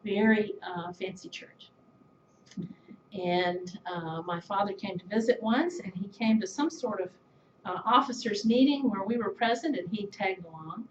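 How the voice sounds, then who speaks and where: A middle-aged woman giving an anecdotal tribute speech, telling stories in a measured way with soft laughs. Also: mid-range voice, a little hiss or hum. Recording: echoey, slightly dull room recording.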